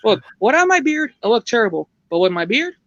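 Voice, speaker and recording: A man's voice: very high-pitched, very animated, fairly quick, fairly bright tone, highs cut off, slight background noise. A man chatting as a guest on a video call, hesitant and repeating his words. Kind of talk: casual video-call chat.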